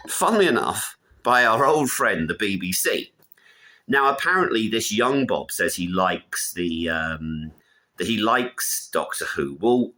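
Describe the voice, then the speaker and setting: Low-voiced guy ranting casually, bright edge, bouncy up and down, jumps topic to topic. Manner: opinionated, digressive, blunt. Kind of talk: casual rambling monologue.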